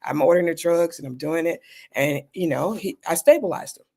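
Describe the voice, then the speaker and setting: Middle-aged woman, lowish voice, doctor guest recounting her experiences, animated, mimics others. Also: fairly quick, vocal fry, slightly rough. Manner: candid, animated, acts out quoted people. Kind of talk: personal storytelling in an interview.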